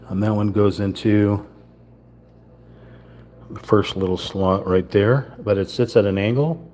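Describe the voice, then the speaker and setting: On a live stream, a man builds a wooden model kit, muttering each step to himself as he handles small parts in a casual running commentary. His voice is fairly low, warm and unhurried, with frequent pauses and slight background noise.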